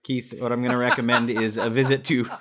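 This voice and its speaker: A man co-hosting a comedy podcast, riffing in a dry, deadpan way. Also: mid-range voice, fairly quick, a little hiss or hum. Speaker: co-host. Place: remote, not in the same room as co-host.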